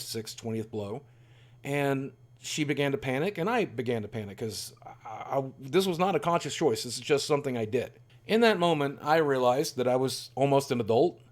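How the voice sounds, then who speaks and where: A man's voice: a little high, darkish tone. A man in his forties telling a candid, rambling personal story in a self-deprecating way. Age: 40s. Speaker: YouTuber.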